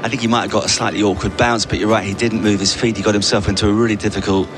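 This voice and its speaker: A man giving tennis analysis as co-commentator on a headset, dry and wry, with halting restarts. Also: lowish voice, level tone. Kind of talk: live sports commentary.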